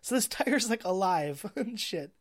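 A young woman casually recapping a movie plot at a middle pitch. She rambles, fills her talk with "like" and swearing, and often breaks into laughter. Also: animated, measured pace. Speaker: movie reviewer.

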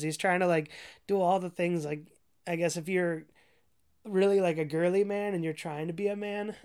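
A woman with a fairly low voice rambling through a casual, profane movie rant. She piles up "like" fillers and restarts as she talks. She breaks into frequent laughs along the way. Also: fairly even intonation, brisk, darkish tone, clear, resonant tone.

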